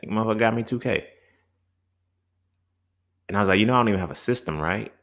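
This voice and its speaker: A man's voice: fairly low pitch, quick pace, pauses often. Slangy, profane man in casual monologue. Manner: animated, slangy, profane, acts out dialogue. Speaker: podcast host.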